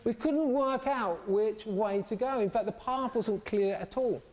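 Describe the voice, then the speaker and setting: A man's voice: sits high, a little slow, a little mellow. A middle-aged man preaching a sermon, telling stories animatedly and acting out the voices of the people in them.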